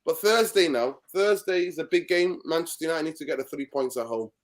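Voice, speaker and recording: A man giving a casual football rant as a guest, animated and exasperated. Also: on the high side, a little fast. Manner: ranting, animated. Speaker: guest pundit.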